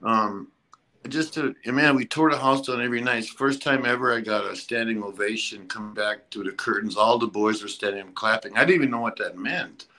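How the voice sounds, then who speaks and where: A man who used to wrestle, telling road stories in a casual interview, halting and rambling with lots of fillers and blunt swearing. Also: fairly low pitch, pushed and bright, low-quality recording. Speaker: former pro wrestler guest.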